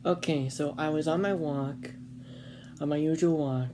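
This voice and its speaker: Low-voiced woman rambling through a story. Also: steady tone, a little slow, background noise. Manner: rambling, lots of fillers and restarts. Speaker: vlogger. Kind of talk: casual storytime.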